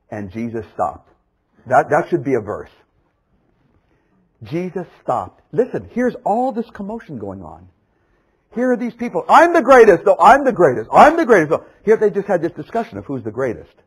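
A man preaching a sermon, swinging from loud exclamations to hushed, low passages. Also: husky, rough recording.

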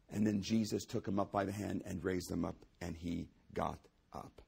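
A man's voice: mid-range voice, fairly quick, vocal fry, dark tone, slightly rough. A man preaching a sermon, emphatic and building to a raised voice. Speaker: pastor.

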